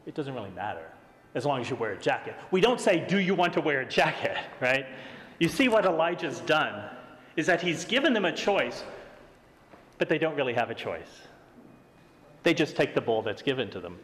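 A middle-aged man preaching a sermon, reading scripture and acting out the quotes in a lively, high voice. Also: normal speed. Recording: long hall reverb.

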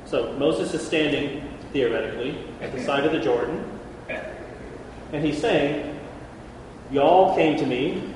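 A man preaching a lively Bible lesson, who jokes with the room and calls out listeners by name. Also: fairly high pitch, unhurried, long pauses. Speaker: preacher teaching a Bible class. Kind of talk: lively sermon. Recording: echoey hall from far off, faint noise.

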